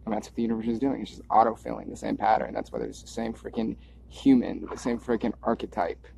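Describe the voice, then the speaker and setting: A man's voice: fairly low pitch, fairly even intonation, quick pace, vocal fry, darkish tone, a little hiss or hum. A man rambling in a stream-of-consciousness monologue, drifting, repeating words and circling back on his thoughts. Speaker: video creator. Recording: dull lo-fi recording.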